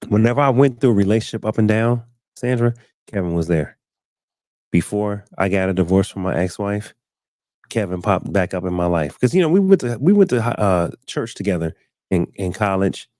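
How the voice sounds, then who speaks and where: A man in his thirties hosting a live talk stream, telling a personal story casually and acting out quoted lines with sudden high jumps in his voice. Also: moderate pace, no room sound, studio quality. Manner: animated storyteller, acts out quotes with big pitch jumps. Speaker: show host. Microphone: studio mic, live stream.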